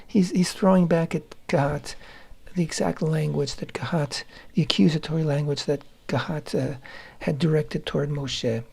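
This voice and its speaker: Gravelly, husky man explaining scripture. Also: a little high, fairly even intonation, moderate pace, a little mellow. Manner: explanatory, glossing Hebrew terms with frequent restarts. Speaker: radio show co-host. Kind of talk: Torah commentary talk.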